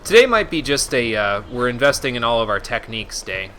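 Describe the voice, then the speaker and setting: A man's voice: mid-range voice, very animated, fairly quick, sharp tone, slight background noise. A man streaming a video game, reading menu text aloud and chatting casually with his viewers. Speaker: gaming streamer. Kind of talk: casual let's-play commentary.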